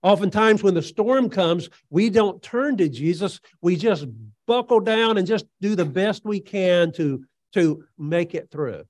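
A man preaching a sermon in an earnest, halting way, with frequent fillers, retelling scripture as a story. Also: high-pitched, lively intonation, a little mellow, no echo, clean studio sound.

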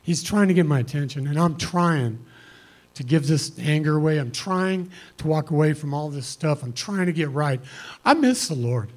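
Middle-aged man, fairly high pitch, plain-spoken and earnest; personal testimony to a congregation. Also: lively intonation, normal speed, a little mellow. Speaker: church member giving testimony.

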